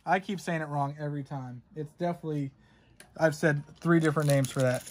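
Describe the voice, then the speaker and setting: A young man's slightly high, brisk voice leads a casual card unboxing stream. He talks to his chat in a rambling, joking, heavily profane way.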